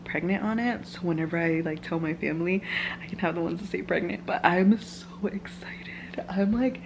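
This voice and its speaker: A woman's voice: fairly low pitch, fast, creaky, noisy background. A young woman vlogging at home, telling a personal story in casual chat full of "like" fillers. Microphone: camera mic, filming herself.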